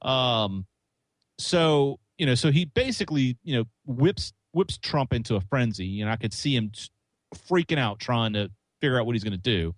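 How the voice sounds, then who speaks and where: A man co-hosting a radio show, chatting about politics in an excitable, stumbling way with many restarts. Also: medium pitch, normal speed, no room sound. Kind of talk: casual political chat.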